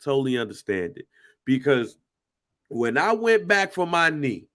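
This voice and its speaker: A man's voice: medium pitch, measured pace. A man co-hosting a podcast, telling a story in casual chat full of slang and swearing. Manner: profane, animated storytelling with slang. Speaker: podcast co-host.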